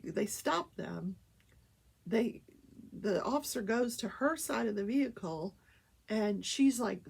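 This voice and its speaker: A woman's voice: medium pitch, vocal fry, darkish tone, breathy edge. An older woman hosting a casual talk show, telling a story animatedly and acting out the quoted voices.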